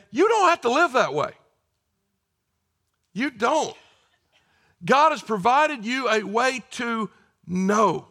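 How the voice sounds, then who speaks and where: A man's voice: sits high, sharp tone. A middle-aged man preaching a sermon to his congregation, emphatic and conversational with bits of humor. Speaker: pastor.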